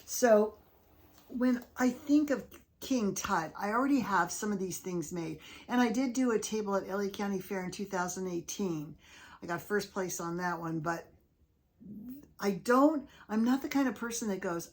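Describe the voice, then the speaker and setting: A woman's voice: mid-range voice, animated, moderate pace. A woman hosting a casual crafting vlog, chatty and enthusiastic as she shows off her handmade pieces. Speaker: craft video host.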